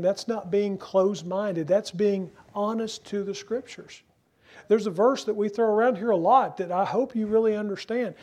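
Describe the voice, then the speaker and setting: A man preaching a sermon as pastor, earnest and emphatic, asking rhetorical questions and slowing down to stress key phrases. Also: high voice, dark tone.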